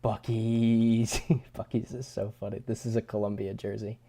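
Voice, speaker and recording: A young male streamer chatting loosely with his viewers in a low, gravelly voice. His tone is mellow and relaxed, and he chuckles easily and trails off mid-thought. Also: brisk. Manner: laid-back, chuckling often, trailing restarts. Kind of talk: casual livestream chat reading viewer comments.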